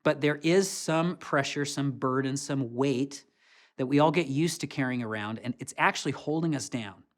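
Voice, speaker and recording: A man's voice: mid-range voice, moderate pace. A man telling a personal story in a conversational motivational talk, with casual fillers. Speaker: speaker giving a motivational talk.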